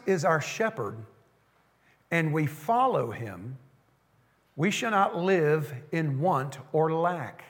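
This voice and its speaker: A pastor preaching a sermon, slowing down to stress the scripture lines he quotes. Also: fairly high pitch, fairly bright tone, long reverb tail.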